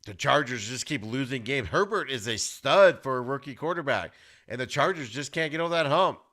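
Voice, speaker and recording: Animated man ranting about football. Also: medium pitch, a little fast. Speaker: podcast host. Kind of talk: football recap commentary.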